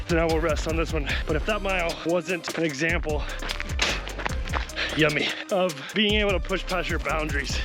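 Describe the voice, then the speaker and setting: A man vlogging outdoors while running, upbeat and motivational, and out of breath. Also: on the high side. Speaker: fitness vlogger. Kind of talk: casual vlog while running. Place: outdoors on a hilly road.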